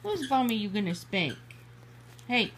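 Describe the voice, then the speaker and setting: A woman's voice: on the high side, sing-song, unhurried, noisy background. A woman at home talking to her pets in playful, teasing baby talk. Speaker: pet owner.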